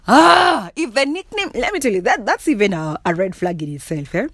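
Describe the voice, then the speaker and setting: A woman's voice: medium pitch, brisk, no echo. A young Kenyan woman with a Kenyan accent, vlogging casually, laughing often and speaking bluntly with frequent swearing. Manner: laughs often, blunt and cussing, animated and emphatic. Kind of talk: casual monologue to camera.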